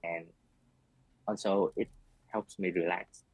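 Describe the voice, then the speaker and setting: A man's voice: deep voice, fairly even intonation, slow pace, breathy edge, low-quality recording. A man answering speaking test questions in a hesitant way, heard through a played-back recording of the test. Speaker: exam candidate.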